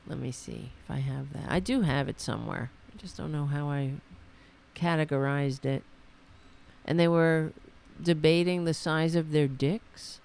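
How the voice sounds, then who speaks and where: A woman's voice: low-pitched, gravelly, a little mellow. A woman hosting a political commentary show, talking in a sarcastic, mocking and rambling way, with many restarts. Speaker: host. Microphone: computer mic on a call setup.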